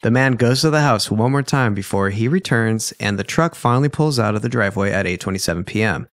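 A man co-hosting a true crime podcast, laying out case details in a steady, matter-of-fact way. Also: fairly low pitch, fast, no room sound. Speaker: podcast co-host.

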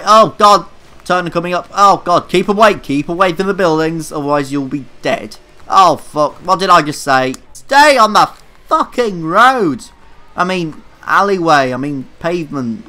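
With a voice on the high side, pushed and bright, a young gaming YouTuber comments casually on his let's play. Flustered, he swears often and mocks himself.

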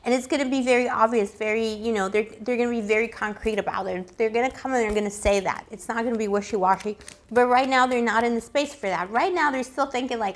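Tarot lady chatting to the camera, bit hoarse, sweet pet names, higher voice. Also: fairly quick. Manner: playful and affectionate, coos pet names at the viewer. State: slightly hoarse. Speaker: tarot reader. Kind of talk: casual tarot reading to camera.

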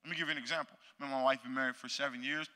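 A man's voice: mid-range voice, steady tone, very fast, bright, forceful tone. A man in his thirties preaching an evening church sermon, moving between storytelling and fervent exhortation. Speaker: guest preacher. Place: church sanctuary. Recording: reverberant church sanctuary.

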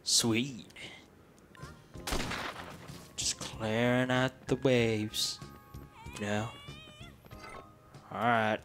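A man's voice: medium pitch, flat delivery, a bit bright, faint music behind. A man giving casual, goofy gameplay commentary, joking around and slipping into a silly put-on accent. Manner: goofy, jokey, puts on a silly accent, slow-talking. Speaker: gaming video creator.

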